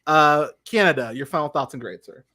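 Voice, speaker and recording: A man's voice: a little high, animated, fairly quick, bright, forceful tone, no echo, clean studio sound. A man hosting a podcast, chatting casually in an emphatic, ranting way, with some swearing. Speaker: podcast host.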